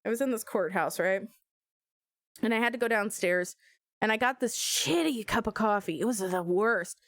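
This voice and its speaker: A young adult woman streamer telling a story in a casual, animated way while playing a game. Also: mid-range voice, moderate pace, no echo, clean studio sound. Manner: animated, swearing, laughing storyteller.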